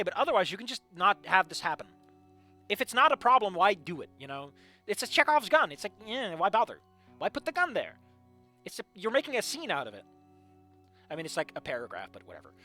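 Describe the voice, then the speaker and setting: A man reading a story aloud and breaking off with animated, sarcastic asides to the characters. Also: sits high. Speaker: fanfiction reader.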